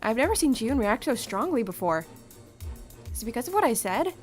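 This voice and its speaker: Woman reading a game aloud, higher voice. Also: a little fast, soft background music. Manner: animated, exclaims and laughs at the story. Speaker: gamer streaming a let's play. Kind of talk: reading a visual novel aloud with commentary.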